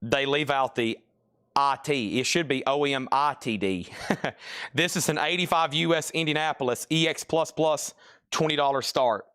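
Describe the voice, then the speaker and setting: A man with a Southern Tennessee accent hosting a live-stream record sale, calling out prices briskly with joking asides. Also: medium pitch, a bit bright, smooth, no room sound, studio quality.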